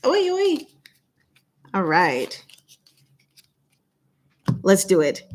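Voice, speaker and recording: A young woman hosting a casual livestream, chatting with viewers, speaking slowly and deliberately and laughing often. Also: mid-range voice, huge pitch swings. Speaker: channel host.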